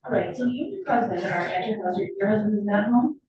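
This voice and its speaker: Woman attorney questioning a witness. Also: medium pitch. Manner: measured, frequent "okay". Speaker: prosecutor. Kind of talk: courtroom questioning. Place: courtroom. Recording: echoey distant courtroom audio, lo-fi, noisy.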